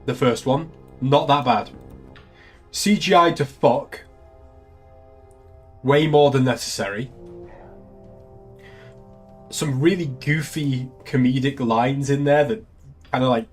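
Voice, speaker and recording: A man's voice: mid-range voice, slow pace, pauses often, faint music behind. An English man, a young adult, chatting casually on a live stream, laughing often and swearing freely. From England. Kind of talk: casual chat.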